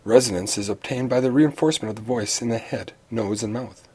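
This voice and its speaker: A man with a husky, somewhat breathy voice reads a prepared lesson on public speaking. His pitch sits in an ordinary middle range, and his delivery is measured and instructive, with the occasional small restart. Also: darkish tone. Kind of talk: reading a prepared talk.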